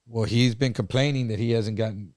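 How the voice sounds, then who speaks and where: A man co-hosting a podcast, telling a story in a casual, profane and animated way. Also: medium pitch, a little fast, no echo, clean studio sound. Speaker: podcast co-host.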